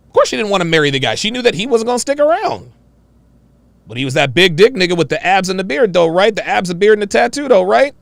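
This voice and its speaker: A man's voice: high-pitched, very animated, fast talker, creaky, no echo. A man giving mocking, emphatic reaction commentary on a played clip.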